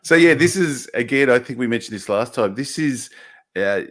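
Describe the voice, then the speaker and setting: A man's voice: mid-range voice, expressive, normal speed, fairly bright tone. A man hosting a live show, rambling and sarcastic in casual chat. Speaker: host.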